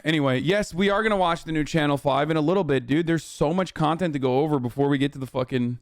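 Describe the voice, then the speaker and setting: A man's voice: fairly high pitch, quick pace, no room sound, studio quality. A male streamer giving casual, profane, rambling commentary on clips and talking to his chat.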